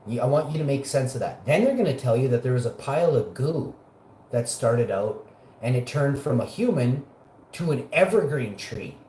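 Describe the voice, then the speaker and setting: A man's voice: mid-range voice, lively intonation, moderate pace, warm tone, a little hiss or hum. A man hosting a live show, ranting in a profane, combative and mocking way. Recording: roomy echo.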